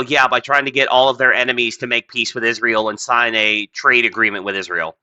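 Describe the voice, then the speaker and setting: A man's voice: medium pitch, brisk, few pauses, bright, forceful tone, dry recording. A man hosting a casual podcast, rambling and profane, packing his talk with "like" and laughing often. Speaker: podcast host. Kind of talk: casual opinionated podcast chat.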